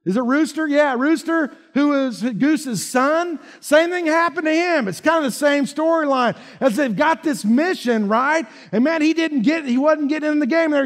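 A man with a very high voice preaches a sermon at normal speed with few pauses, folksy and emphatic, often tossing in asides like "man" and "right?". He's a pastor in a church sanctuary, and the recording carries church hall reverb.

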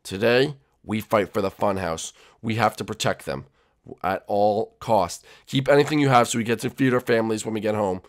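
A man putting on a low, slow drill-sergeant voice for a young male army commander in a comedic game roleplay. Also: natural voice. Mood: commanding.

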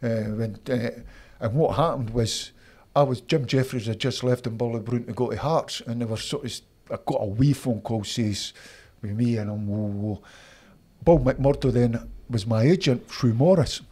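An older man with a Scottish accent, telling animated stories from his football career as an interview guest. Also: mid-range voice, normal speed. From Scotland. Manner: animated anecdotes, acts out voices of others. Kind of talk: casual storytelling.

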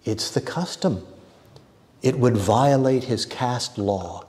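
A man voicing a calm, matter-of-fact missionary doctor father who explains things plainly, read aloud in a reverberant hall. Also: medium pitch, slow, natural voice.

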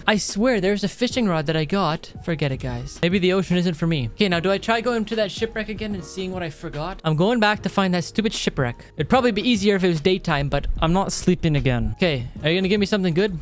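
A man giving casual gameplay commentary, excitable, talking to himself and his viewers, gasping and groaning as he plays. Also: high voice, fast, faint music behind. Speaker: Minecraft let's player.

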